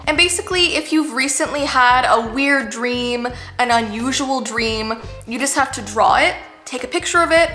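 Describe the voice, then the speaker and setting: Bright candid woman in her thirties. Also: fairly high pitch, reverberant. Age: 30s. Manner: candid, chatty, lots of "like". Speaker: YouTuber. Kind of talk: casual Q&A vlog.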